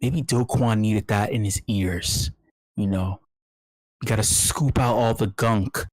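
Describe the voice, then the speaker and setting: A man hosting a meetup, ranting comically in a mock ASMR voice. He is profane, stammers and repeats himself, and swings from hushed talk to yelling. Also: fairly low pitch, slow pace, no echo, low-quality recording. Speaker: meetup host.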